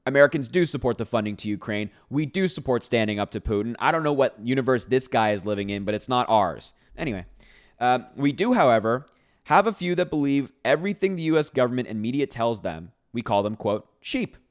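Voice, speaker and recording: A man's voice: medium pitch, animated, fairly quick. Sarcastic man doing video commentary. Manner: sarcastic, incredulous, reacting to posts; laughs between points. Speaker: political commentator.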